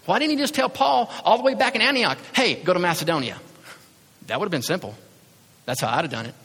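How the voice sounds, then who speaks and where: A man's voice: high-pitched, huge pitch swings, fast, creaky, fairly bright tone, breathy edge. A man preaching a sermon as a pastor, talking conversationally and acting out little asides. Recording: reverberant hall sound.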